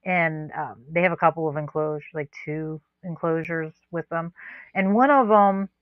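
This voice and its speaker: A woman's voice: deep voice, normal speed, no room sound. Rambling woman on a dull lo-fi line. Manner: rambling, laid-back, chuckles often. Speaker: podcast co-host. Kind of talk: casual chat. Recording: dull lo-fi dry sound.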